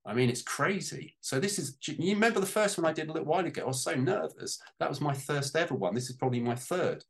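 A British man, a guest on a panel, gives an emotional personal testimony about a change in his life. He speaks fast and animatedly in a fairly high voice, rambling with heartfelt feeling and at times nearly crying.

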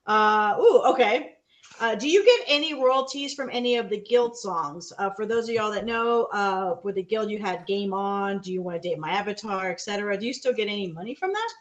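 A woman's voice: mid-range voice, animated, fairly quick, lo-fi sound. A woman co-hosting a podcast who asks questions in a playful, teasing way. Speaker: podcast co-host. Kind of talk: casual podcast chat.

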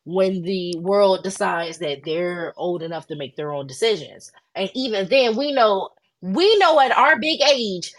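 A woman's voice: medium pitch, unhurried, hardly any pauses. A woman, co-hosting a casual podcast chat and telling stories with acted quotes. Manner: animated storytelling with acted quotes. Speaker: podcast co-host.

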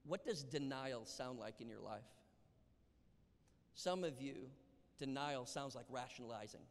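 A man preaching a sermon, animated, acting out Bible dialogue and dropping to whispers. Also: medium pitch, a little slow. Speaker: pastor. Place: church sanctuary. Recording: long hall reverb.

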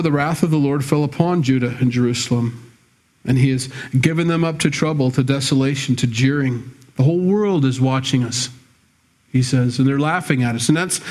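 A man's voice: fairly high pitch, a little mellow. A male pastor preaching a sermon in a church, talking plainly to the congregation and building to emphatic bursts. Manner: conversational preaching, rising to emphatic scolding bursts.

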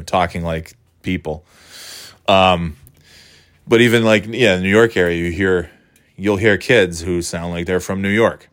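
Brief: low-pitched man, rambling and profane, casual host monologue. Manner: profane, rambling, self-correcting.

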